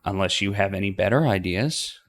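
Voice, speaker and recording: A man reading Amber, a low-key young woman. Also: expressive, a little fast. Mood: calm. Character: confident young woman, main character narrating. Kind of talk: visual novel voice reading.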